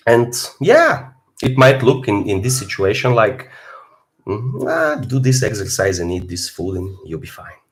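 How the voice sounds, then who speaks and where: A young man with a Bulgarian accent talks casually to his live-stream viewers about fitness. His pitch is mid-range and very lively, and he drops to quiet mutters, then bursts out loudly. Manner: animated, swings from low mutters to loud outbursts.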